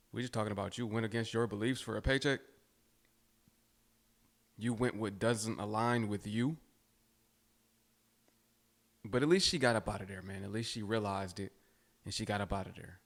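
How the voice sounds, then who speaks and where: A man reacting to clips in earnest, preachy commentary. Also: fairly low pitch.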